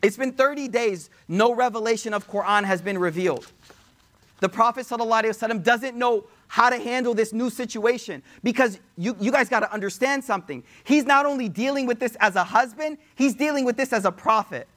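Male preacher with a high voice, conversational storytelling sermon with Arabic quotations. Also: brisk, a bit bright. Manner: conversational, addresses audience as y'all, quotes Arabic.

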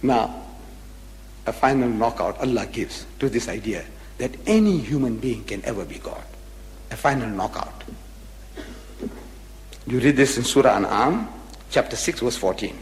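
Animated male lecturer in a reverberant hall. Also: medium pitch, normal speed, long pauses, slight background noise. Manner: emphatic, rhetorical questions, repeats points. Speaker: religious lecturer. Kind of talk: public religious lecture.

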